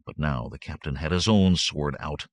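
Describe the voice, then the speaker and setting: A man's voice: a bass voice, moderate pace, dry recording. A man narrating an adventure audiobook in a dramatic, vivid manner. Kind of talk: scripted narration.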